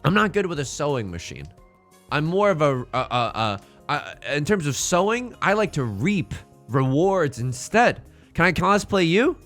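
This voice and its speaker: A male streamer with a slightly high, bright, forceful voice talks over faint background music. His pitch swings widely as he hypes up his own jokes and riffs with chat. The tone stays playful and self-mocking. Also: big pitch swings, moderate pace. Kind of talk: live-streamed mahjong commentary.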